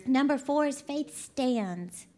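A high-voiced woman delivers a conversational sermon. She tells folksy stories in a chatty way, often laughing along with her own stories. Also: expressive, takes it slowly, darkish tone. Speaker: ministry CEO and preacher.

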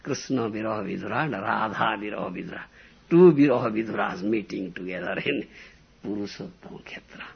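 A man's voice: a little fast, creaky, husky, dull audio. A man giving a devotional lecture, often checking with listeners whether they follow and explaining terms. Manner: acts out quoted crying laments in high shouts, then explains; asks "huh?" and "do you follow?" to the listeners. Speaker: spiritual teacher.

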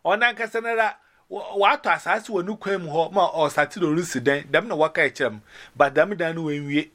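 A man's voice: on the high side, brisk, pushed and bright. A man from Ghana rambling casually on a phone call, slipping between English and Akan.

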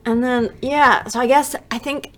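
A woman's voice: on the high side, fairly even intonation, a little slow, a bit bright. A woman podcast co-host chatting in a teasing, rambling way. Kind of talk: casual chat.

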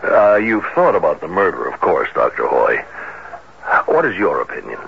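An actor playing a shrewd police captain questioning a witness in a murder case, in a 1970s radio drama. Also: male voice, sits low, very animated, moderate pace, creaky, exaggerated voice. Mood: probing. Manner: probing, skeptical questioning. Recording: dull lo-fi vintage radio with faint hiss.

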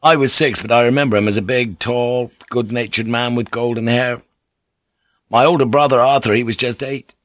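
A man's voice: medium pitch, steady tone, normal speed, a bit bright, no room sound, voice pushed up, natural voice. A man reading an audiobook, voicing an earnest, plain-spoken English sea captain who is serious and weary.

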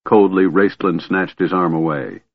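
An audiobook narrator reads a fantasy story in a measured, dramatic style, his voice deep and husky. The dry recording sounds narrow and tinny, like a phone line.

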